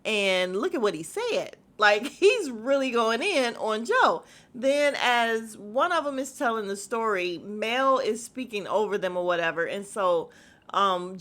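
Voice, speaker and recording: A woman's voice: mid-range voice, fairly bright tone. Woman host, casual recap commentary, frank and chatty, mid-range voice. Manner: candid and opinionated, chatty asides. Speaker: host recapping a podcast episode.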